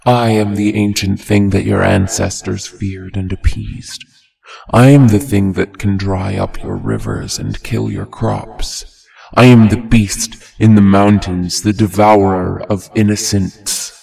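A storyteller voicing an ancient, huge serpent-faced monster god, speaking slowly in a deep, gravelly, mocking tone. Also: mellow, full character voice. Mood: menacing. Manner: slow, menacing, mocking. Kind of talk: storybook reading.

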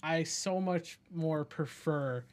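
Excitable swearing man chatting about movies. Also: on the high side, takes it slowly. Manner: rambling, swears freely, acts out scenes in raised voices. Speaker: podcast co-host. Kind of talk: casual movie chat.

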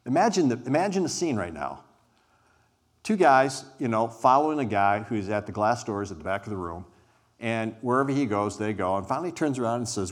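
Guy with a lowish voice preaching to a church crowd, chatty and inviting, acts out bible scenes. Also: lively intonation, brisk. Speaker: guest preacher. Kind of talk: sermon. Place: church hall before a live congregation.

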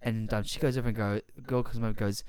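A man's voice: lowish voice, steady tone, very fast, a little mellow, clear, resonant tone, dry recording. A young man co-hosting a podcast in casual chat, rambling and restarting his sentences and swearing freely. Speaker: podcast co-host.

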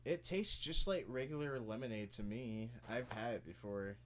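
A man's voice: mid-range voice, normal speed. A man hosting a casual podcast chat, blunt and joking as he reads out odd soda flavors. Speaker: podcast host.

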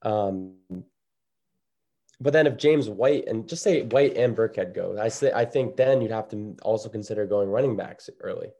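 A man's voice: on the low side, normal speed, warm tone. A man co-hosting a casual sports podcast, talking in a loose, rambling way. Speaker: podcast co-host.

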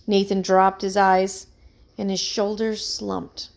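A woman narrating a children's mystery story aloud in an even, plain way. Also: mid-range voice, takes it slowly, vocal fry.

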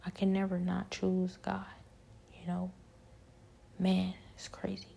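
A woman with a gravelly voice giving a hushed, rambling personal spiritual testimony, often dropping to a whisper. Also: on the low side, completely flat delivery, slow pace, slight background noise.

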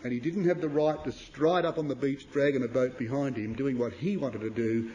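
A man preaching a sermon to brothers and sisters, reading scripture in King James wording and swinging from loud emphatic declamation to low, quiet asides. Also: brisk, lo-fi sound, a little hiss or hum. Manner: addresses listeners as brothers and sisters.

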